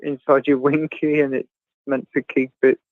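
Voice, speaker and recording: A man's voice: mid-range voice, flat delivery, dry recording. Joking man on a tinny call. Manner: crude joking, laughs often, halting with fillers. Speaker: guest on a livestream chat. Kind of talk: casual banter. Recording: tinny phone-like video call audio, dry.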